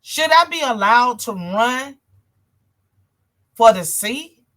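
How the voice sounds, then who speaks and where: A woman from North Carolina hosts a casual talk show, her country twang coming through. She speaks slowly and deliberately, with a bright, forceful tone, and calls out to her audience with y'all. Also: fairly high pitch, lively intonation. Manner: chatty, addresses viewers as y'all, reads comments. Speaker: show host. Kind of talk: casual political talk livestream.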